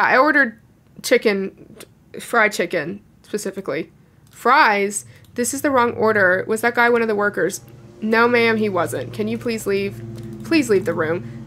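A woman's voice: a little high, a bit bright. Sarcastic woman joking through a horror game. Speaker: gameplay commentator. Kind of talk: casual horror game commentary.

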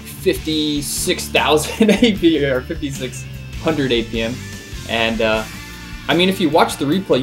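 Young man, casual game-tutorial voice-over, easygoing, mid pitch, faint music under it. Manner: relaxed, many "uh" fillers, chuckles. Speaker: gaming video creator.

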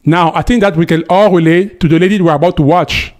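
Emphatic higher-voiced male host. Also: quick pace. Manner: emphatic, addresses viewer directly. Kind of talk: commentary monologue.

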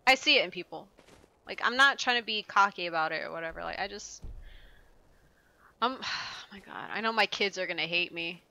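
Bright-voiced rambling woman streamer. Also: lowish voice, fairly quick, vocal fry, rough recording. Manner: rambling, profane, laughs often. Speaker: game streamer. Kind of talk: casual chat while playing a game.

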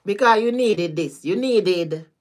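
A woman with a Caribbean patois accent, a tarot reader chatting casually with her live-stream viewers, animated, laughing and swearing freely. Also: mid-range voice, slow pace. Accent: Caribbean, Jamaican-style patois.

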